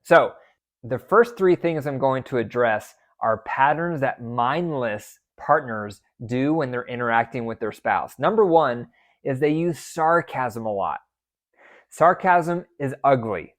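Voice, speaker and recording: A man's voice: mid-range voice, unhurried. A man hosting a marriage advice podcast as a therapist, talking with emphasis and often repeating key phrases.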